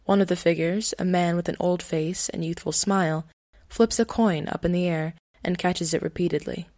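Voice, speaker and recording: A young woman hosting a podcast and reading her own short story aloud in a calm, even storytelling manner. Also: on the low side, moderate pace, no echo, clean studio sound. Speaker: podcast host and reader.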